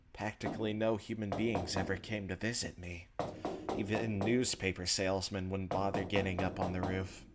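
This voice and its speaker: Low-voiced man reading a visual novel aloud. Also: heavy background noise. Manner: casual, offhand asides between read lines. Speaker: let's play host. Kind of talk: casual let's play, reading visual novel text aloud.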